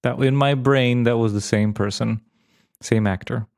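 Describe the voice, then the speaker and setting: A man's voice: mid-range voice, normal speed, vocal fry, dry recording, clean studio sound. A man co-hosting a podcast, chatting casually and acting out movie scenes with frequent laughter. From former Yugoslavia. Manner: animated retelling, acting out scenes, laughs often. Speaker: podcast co-host. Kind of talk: casual chat.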